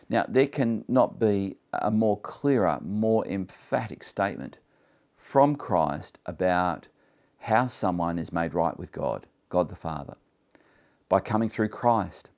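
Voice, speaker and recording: A man's voice: low-pitched, expressive, takes it slowly, darkish tone. A man teaching a Bible study, earnest and emphatic, reading scripture and then explaining it with some restarts.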